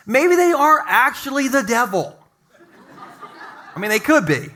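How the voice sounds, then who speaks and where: Jokey male pastor, high and bright, chatty sermon delivery. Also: very animated, a little slow, long pauses. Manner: playful, jokey, conversational preaching. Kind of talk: humorous sermon. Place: church sanctuary.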